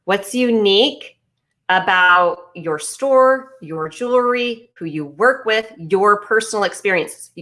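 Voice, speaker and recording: Pushed and bright, her mid-range voice drives an emphatic motivational talk in which she plays a business coach. Phrases repeat, sentences restart and fillers abound, and briefly she speaks with ice in her mouth.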